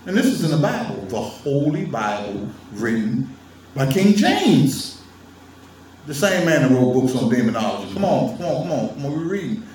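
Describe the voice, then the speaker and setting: A man's voice: medium pitch, sing-song, fairly quick, few pauses, darkish tone, a little hiss or hum. A man talking straight to his viewers in a casual monologue, emphatic and teasing, laughing often. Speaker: vlogger lecturing on religion. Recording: roomy sound from a distant mic with faint ambience.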